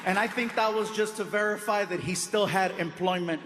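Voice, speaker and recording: High-voiced man telling stories on stage. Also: a little fast, over a noisy crowd. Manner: chatty, conversational storytelling. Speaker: stand-up comedian. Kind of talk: stand-up storytelling. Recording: live in a big hall with audience noise.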